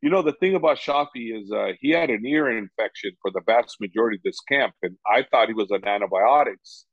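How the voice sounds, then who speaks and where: A man's voice: lowish voice, lively intonation, brisk, no room sound. A man who coaches fighters, speaking in a casual interview, rambling and repeating "you know" often. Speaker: MMA coach. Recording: dull lo-fi sound.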